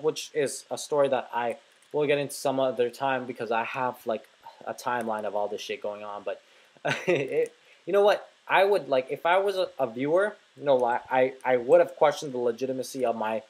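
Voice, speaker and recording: A man's voice: mid-range voice, moderate pace, low-quality recording. A young man from North America giving casual gameplay commentary, rambling into stories with lots of fillers and casual swearing. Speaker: let's play host.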